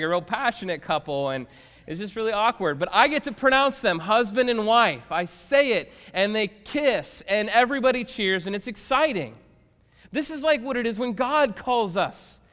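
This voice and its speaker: High-voiced pastor preaching in an echoing hall. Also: male voice. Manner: swings from hushed to shouting for emphasis. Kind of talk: sermon. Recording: long reverb of a large hall.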